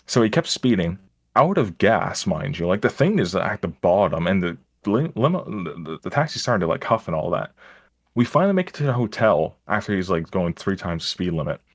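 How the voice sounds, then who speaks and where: A man with a very low voice tells rambling, self-mocking stories in casual chat. His sound is dry and close to the mic. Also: big pitch swings, brisk, husky, no room sound. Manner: rambling, self-mocking, frequent fillers and restarts. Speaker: stream guest.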